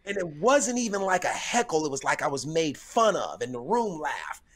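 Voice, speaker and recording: This middle-aged man has a slightly high, fairly bright voice and sounds very animated at a normal speed. He's a comedian guesting on a podcast, storytelling thoughtfully in casual conversation and repeating words as he works out what to say.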